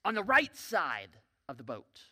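Preacher doing a nosy shoreline guy, yelling unwanted advice, high and bright. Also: huge pitch swings, measured pace, breathy edge, no room sound, studio quality, heavily acted. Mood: shouting. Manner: hollering across water.

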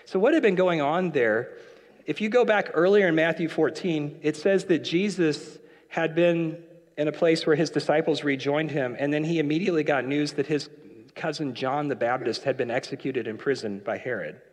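A man's voice: a little high, normal speed. A man preaching a casual, conversational sermon with joking asides, now and then acting out quoted lines. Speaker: pastor. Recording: long hall reverb.

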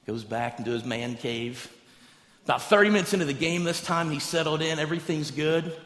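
A man preaching a sermon as pastor, telling stories with animated, acted-out voices. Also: a little high, fairly quick. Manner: animated storytelling, acts out voices in anecdotes. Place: large church hall. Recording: echoey hall, preached from a stage.

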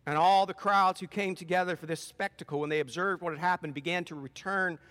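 A man's voice: sits high, fairly even intonation, fairly quick, fairly bright tone. A man preaching a sermon, reading scripture aloud with rising emphasis and then explaining it plainly. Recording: long hall reverb.

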